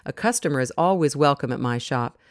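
The reader voicing John, a calm, polite husband speaking with quiet determination. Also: medium pitch, brisk, dry recording, studio quality, natural voice. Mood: composed.

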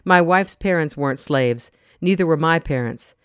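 The reader voicing John, a calm, polite husband speaking with quiet determination. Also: mid-range voice, normal speed, smooth, no echo, studio quality, close to an everyday voice. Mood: composed.

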